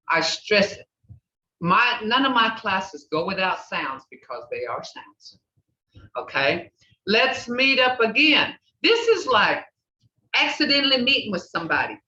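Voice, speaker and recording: Older woman teaching slowly in echoey room. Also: mid-range voice, big pitch swings, pushed and bright. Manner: repeats words slowly, checks in with "okay?". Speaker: language teacher. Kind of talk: classroom language lesson. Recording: echoey, distant, dull room recording.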